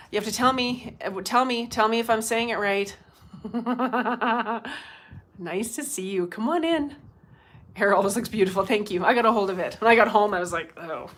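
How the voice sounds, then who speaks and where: A woman's voice: mid-range voice, a bit bright. A middle-aged woman hosting a casual livestream as a medium, chatty and laughing often as she greets viewers by name, speaking into her phone.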